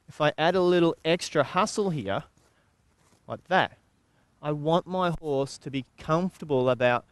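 A man with an Australian accent working as a horse trainer, explaining groundwork exercises in a relaxed, conversational way, pausing and restarting as he goes. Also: a little high, no room sound. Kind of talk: instructional video talk.

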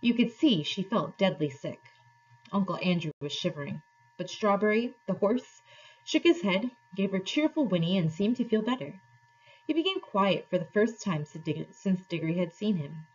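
Husky-voiced woman teacher reading aloud. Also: mid-range voice, lively intonation, normal speed, lo-fi sound. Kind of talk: reading a novel aloud to a class.

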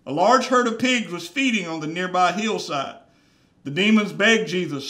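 A man's voice: high-pitched, lively intonation, moderate pace, sharp tone. A man preaching a sermon as pastor, earnest and repeating phrases for emphasis. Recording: roomy church echo.

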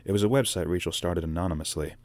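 A man reading a novel aloud with steady narration. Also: low voice, fast talker, dry recording. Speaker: reader.

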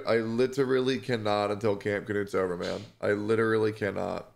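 Young male streamer, lowish voice, distressed, halting, apologetic, swears a lot. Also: little pitch movement, vocal fry. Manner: halting, stumbling over repeated words. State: distressed and stressed. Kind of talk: live stream talk.

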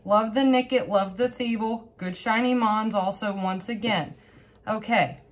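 A woman hosting her own channel, opening trading cards in a bubbly, excitable, rambling way. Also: medium pitch, a little slow. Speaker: host of a card-opening channel. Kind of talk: casual card-opening vlog.

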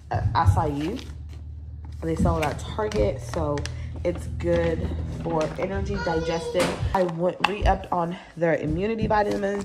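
Young woman, casual haul vlogger; lowish, slightly stuffy voice, loose filler-heavy delivery, noisy home recording. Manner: chatty, rambling, many fillers. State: congested.

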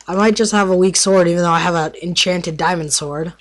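Game tutorial narrator, casual play-by-play, trips over words, teases mobs, mid-pitched voice. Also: steady tone, fairly quick. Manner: stumbles over words while explaining; playful trash talk at mobs. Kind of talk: casual gameplay commentary.

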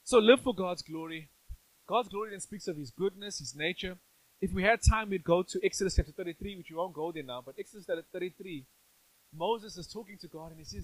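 A man's voice: sits high, brisk, rough recording. A male pastor giving a sermon in a church, conversational and playful, often asking the congregation questions.

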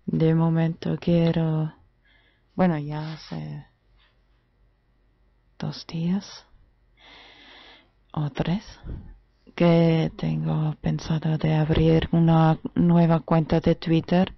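A woman talking hesitantly in a casual vlog, pausing often and switching between English and Spanish. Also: low-pitched, completely flat delivery, gravelly, no echo. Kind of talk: casual bilingual vlog talk. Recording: dull lo-fi dry sound.

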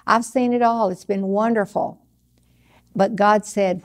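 An older woman giving a conversational sermon, teaching earnestly from personal experience in a steady, plain way. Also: medium pitch, measured pace. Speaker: Bible teacher.

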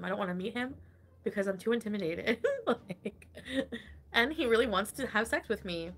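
A woman's voice: a little high, a bit bright. A woman streamer in casual livestream chat, gossiping with lots of giggles, swearing and "like" fillers. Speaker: online streamer.

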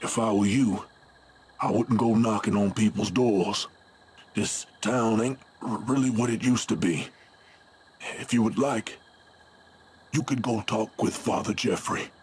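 A man playing a townsman in a horror game who speaks in a slow, low-key drawl. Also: a little mellow, a little hiss or hum, lightly acted. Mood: cautionary. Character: slow-spoken townsman who helps a stranger.

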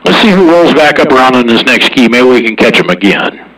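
A man's voice: mid-range voice, big pitch swings, a little fast, a bit bright. A man chatting casually over a CB radio in a drawling, slangy manner, recorded from some distance. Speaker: CB radio operator.

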